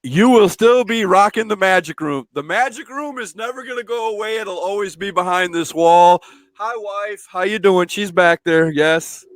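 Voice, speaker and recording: A man's voice: high-pitched, moderate pace, dry recording. A man hosting a casual live stream from home, chatting, reading out viewer comments and laughing often. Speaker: show host.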